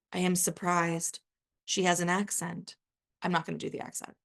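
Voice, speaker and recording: A woman author reading her own first-person fiction aloud at a live event, measured and even, with the odd dry aside. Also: on the low side, gravelly.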